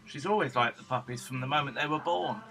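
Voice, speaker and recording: A man at home showing off his dogs, switching into high cooing baby talk whenever he speaks to them. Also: quick pace, bright, forceful tone, soft background music, low-quality recording. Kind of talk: casual home video chat.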